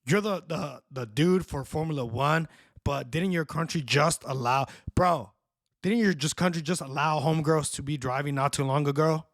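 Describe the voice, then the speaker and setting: A man with a gravelly, fry-edged voice, set a little high for a man. He rants in loose slang, calls everyone bro and flips between mock voices. The sound is close and dry, with no room around it. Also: moderate pace, dry recording. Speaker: vlogger. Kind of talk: casual rant.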